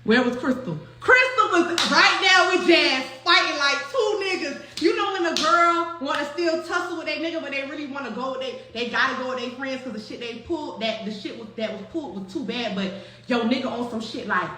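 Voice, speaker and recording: A young woman with a high, bright voice tells a story to her viewers. She talks in an animated, profane and slangy way, restarts her sentences often, and the room around her echoes. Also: a little fast, a little hiss or hum. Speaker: storyteller recounting a night out. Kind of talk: casual storytelling to an online audience. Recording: roomy echo.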